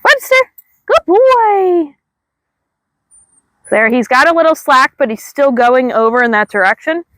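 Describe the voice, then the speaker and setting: A woman dog trainer outdoors calmly explaining leash work, breaking into high, drawn-out praise for the dog. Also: dry recording. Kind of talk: instructional dog training demo.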